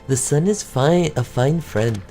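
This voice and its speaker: A man's voice: on the high side, expressive, a little slow, dark tone, soft background music, voice pushed up. A man voicing a weary but cheerful male laborer in a video game, in an old Hollywood actor delivery. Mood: content.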